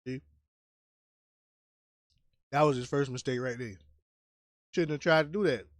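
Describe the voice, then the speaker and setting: A man's voice: medium pitch, measured pace, no room sound, clean studio sound. Laid-back man giving wry reactions. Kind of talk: reaction commentary.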